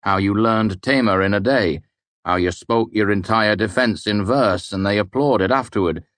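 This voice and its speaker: A man reading the part of a fussy male scribe, earnest and quick to protest. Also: on the low side, a bit bright, no room sound, pitched above the performer's own voice, close to an everyday voice. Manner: earnest, protesting, easily affronted.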